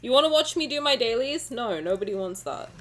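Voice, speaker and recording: A woman streamer chatting live from her home setup in a bright, somewhat high voice. She rambles and mocks herself in a frantic rush. Soft music plays faintly underneath her. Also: expressive, fairly quick. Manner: frantic, rambling, self-mocking. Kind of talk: casual live-stream chat.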